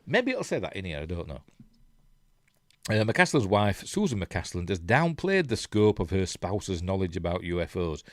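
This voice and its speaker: A man's voice: sits low, a little mellow, dry recording, studio quality. A man with a Yorkshire accent casually reading out news articles, rambling with asides and frequent ums. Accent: Yorkshire English. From Yorkshire, England. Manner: rambling, chatty, reads aloud with frequent ums.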